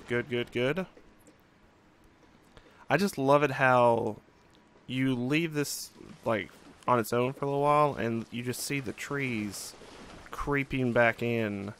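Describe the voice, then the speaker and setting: A man's voice: medium pitch, a bit bright, slight background noise. A young man casually commenting on his own gameplay, musing and thinking aloud with frequent fillers. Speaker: let's play host.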